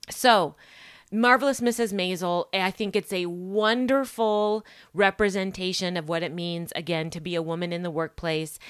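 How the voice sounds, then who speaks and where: A woman's voice: fairly low pitch, smooth, no echo, studio quality. A woman hosting a solo podcast, talking emphatically and stacking rhetorical questions with frequent "right?" tags. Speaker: podcast host.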